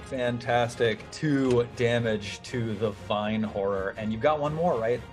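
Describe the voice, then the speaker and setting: A man running an old-school tabletop game as game master, upbeat and animated as he narrates and cheers on the players. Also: mid-range voice, a little slow, faint music behind.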